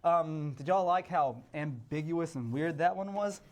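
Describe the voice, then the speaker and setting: A man's voice: on the high side, measured pace. A young man hosting an awards show, loose and joking, laughing between lines. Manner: laughs often, chatty and loose. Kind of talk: casual, joking live emcee.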